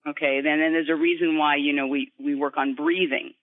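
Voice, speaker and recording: A woman guest voice actor in an interview, explaining voice technique in an instructive way and slipping into quick voice demonstrations. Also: low-pitched, steady tone, no room sound. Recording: tinny phone line.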